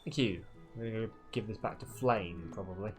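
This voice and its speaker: A man's voice: fairly low pitch, brisk, music in the background. A man casually commenting on a game as a streamer, joking and reading on-screen text aloud.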